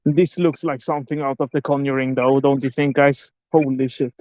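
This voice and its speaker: A man's voice: medium pitch, level tone, moderate pace, a little mellow. A man on a live ghost-hunting stream, swearing nervously and questioning a spirit box in an old abandoned house. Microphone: handheld phone on a live stream.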